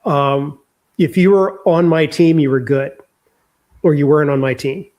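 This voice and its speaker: A man's voice: fairly high pitch, moderate pace, darkish tone, dull audio. An older man speaking candidly and reflectively as an interview guest, sharing his memories. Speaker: author guest.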